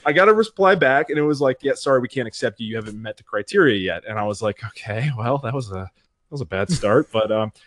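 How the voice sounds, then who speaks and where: A man's voice: mid-range voice, animated, fast, a bit bright, dry recording. A young man, a streamer and podcast guest, telling a rambling, self-deprecating story in casual chat. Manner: rambling, self-deprecating, acts out quoted voices.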